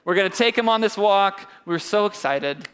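A young man preaching a sermon in a church, casual and joking, swinging widely between high and low. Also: lively intonation, fairly quick, clean tone. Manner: casual and joking, with wide swings of pitch and loudness. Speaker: pastor.

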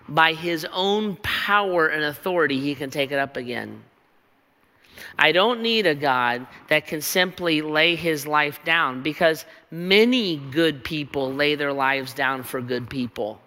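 Forceful-toned man preaching a sermon. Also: fairly high pitch, a little slow, big-room sound. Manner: emphatic, repetitive rhetorical cadence. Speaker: pastor. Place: church.

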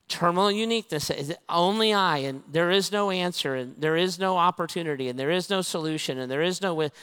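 A man's voice: a little high, a bit bright, clear, resonant tone. A male pastor preaching a sermon, telling stories and acting out both sides of the conversations. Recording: long reverb of a large hall.

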